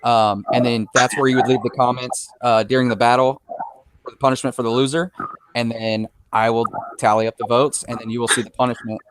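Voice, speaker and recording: A man's voice: mid-range voice, brisk, a little hiss or hum. A man chatting casually on a livestream, telling stories and acting out the voices of the people in them. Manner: animated storyteller, acts out quoted voices. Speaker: guest presenting a challenge video.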